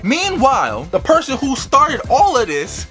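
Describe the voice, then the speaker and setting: A man telling a funny childhood story in a casual, animated vlog style, swearing freely. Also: extremely high pitch, measured pace, faint music behind. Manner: animated, swearing, lots of fillers. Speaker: vlogger.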